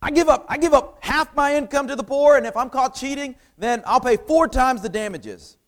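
A man's voice: very high-pitched, normal speed, pitched above the performer's own voice. A man playing a flustered, apologetic short rich tax collector who stammers. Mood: stammering apology.

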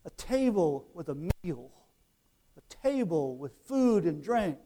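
A man preaching a sermon in a conversational way, tossing rhetorical questions at the congregation and swinging between quiet, drawn-out phrases and loud emphasis. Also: sits high.

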